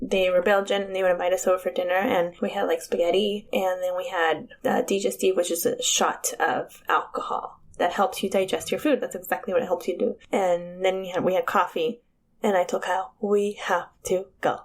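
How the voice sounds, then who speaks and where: A woman's voice: lowish voice, level tone, a little fast. A young woman co-hosting a podcast, telling crude, jokey stories in casual chat. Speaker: podcast co-host.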